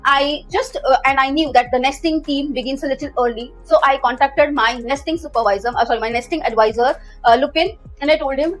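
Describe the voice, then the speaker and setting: A woman recounts a story from her work in travel sales, earnest and chatty, full of "you know" and "uh". Her voice sits high and bright, and faint music runs underneath. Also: a little fast, few pauses, poor audio. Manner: earnest, conversational, many fillers. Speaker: travel manager. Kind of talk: storytime narration.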